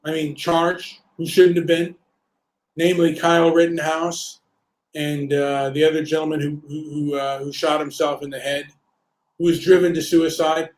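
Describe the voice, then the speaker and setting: A man ranting in casual video chat, rambling with halting repetitions and frequent swearing. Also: fairly high pitch, steady tone. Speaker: host. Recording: echoey room.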